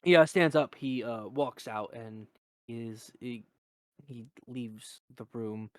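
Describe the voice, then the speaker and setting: A man running a tabletop game as game master, narrating slowly with halting pauses. His voice is recorded dry and close to the mic. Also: mid-range voice, no room sound. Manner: slow, halting with fillers.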